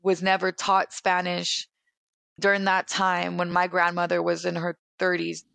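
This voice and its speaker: A young adult woman from California, a guest speaking candidly about her life in an animated, emphatic way, with plenty of "like". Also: lowish voice, unhurried, vocal fry, no echo. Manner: animated and emphatic, heavy use of "like". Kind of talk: candid personal conversation.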